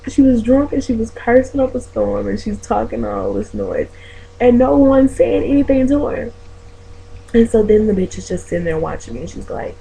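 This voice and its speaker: A woman's voice: on the high side, normal speed, gravelly, mellow, a little hiss or hum, low-quality recording. A woman vlogger telling a story to her viewers in a chatty, profane way, calling them y'all. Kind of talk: casual storytelling vlog.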